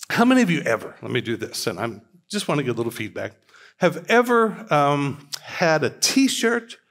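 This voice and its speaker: Middle-aged male speaker, conversational and probing, lively pitch, slightly high. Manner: conversational, questioning, quotes scripture aloud. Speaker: speaker at a church hangout. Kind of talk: informal teaching talk to a live audience.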